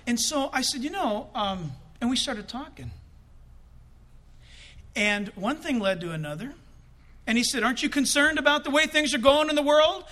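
High, bright, animated male preacher. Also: moderate pace, long pauses, slight background noise. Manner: storytelling with acted-out quotes, bursts of laughter. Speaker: preacher telling a personal story. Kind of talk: animated sermon anecdote.

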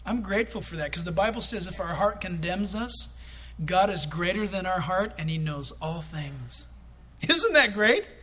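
A middle-aged man preaching a sermon as pastor, animated, acting out quotes with sudden loud bursts. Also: sits high, moderate pace, slightly rough.

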